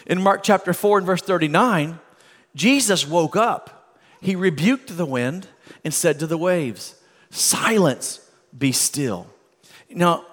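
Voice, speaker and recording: A man preaching a sermon as pastor, emphatic and repetitive, building up intensity. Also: high voice. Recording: hall reverb.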